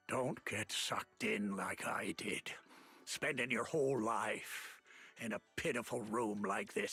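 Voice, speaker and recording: Gravelly old sea captain grandpa, slow and weary, swoops around a lot, bright edge. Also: male voice, medium pitch, exaggerated voice. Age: older. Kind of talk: video game voice acting.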